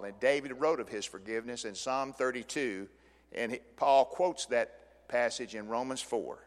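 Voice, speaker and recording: A man's voice: mid-range voice, unhurried, pauses often. Older male preacher in reverberant hall. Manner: dramatic swings from hushed to loud. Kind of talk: sermon.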